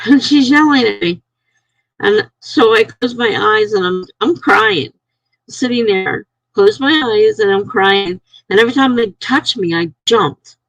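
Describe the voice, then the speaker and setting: A woman's voice: mid-range voice, unhurried, a bit bright, dry recording, low-quality recording. A woman chatting casually on a live stream, telling a rambling story to her viewers and sounding tired.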